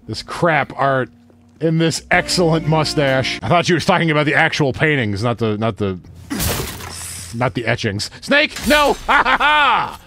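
Excitable man shouting at a game. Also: fairly high pitch, measured pace, gravelly, slight background noise. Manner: animated, swearing, self-mocking. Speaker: let's play host. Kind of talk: casual gameplay commentary.

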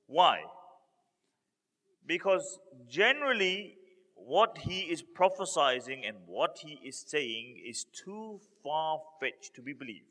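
Speaking slowly, a male Islamic preacher recounts a religious story with a high, ringing voice. Key points come back again and again for emphasis as he works up to lively retellings, and a long reverb lingers after him as if in a big hall.

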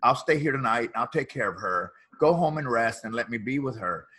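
A man's voice: medium pitch, expressive, a little fast, sharp tone, husky. A man, a motivational speaker and author, earnestly telling a personal story as a guest in an interview.

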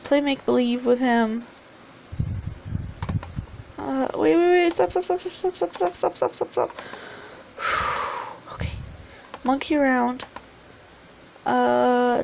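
High chatty woman narrating her game. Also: creaky, a little mellow, slight background noise, low-quality recording. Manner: chatty, rambling, coaxing game characters aloud. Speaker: gameplay video host. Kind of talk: casual let's-play commentary.

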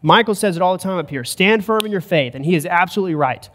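A male pastor preaches with an earnest, emphatic delivery, his voice sitting a little higher than most men's. The sound rings with a long reverb, as in a church hall. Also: lively intonation, fast talker, a bit bright, slight background noise. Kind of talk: sermon. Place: church sanctuary.

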